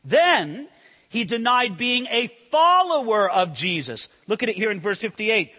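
A male pastor delivers a sermon in a bright, sharp voice that climbs high and dips low. He swings from loud emphasis to hushed intensity. His voice carries a long reverb, as if in a large hall. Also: sing-song, unhurried, slightly rough.

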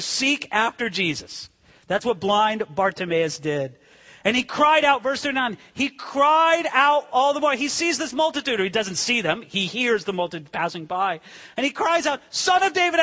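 A man preaching a sermon, swinging between hushed, slow asides and sudden dramatic shouts. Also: very high voice, long reverb tail. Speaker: pastor.

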